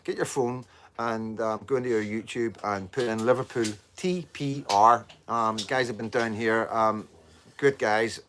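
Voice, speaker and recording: A man's voice: mid-range voice, fairly even intonation, a little slow, a bit bright, a little hiss or hum. A man with a Northern Irish accent talking to viewers on a casual live stream, rambling with lots of repeated fillers and the odd swear word. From Northern Ireland.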